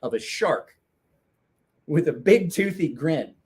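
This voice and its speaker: A man's voice: fairly high pitch, expressive, takes it slowly, a little mellow, breathy edge. A man telling a rambling, profane anecdote in casual chat, laughing along. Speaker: storyteller guest.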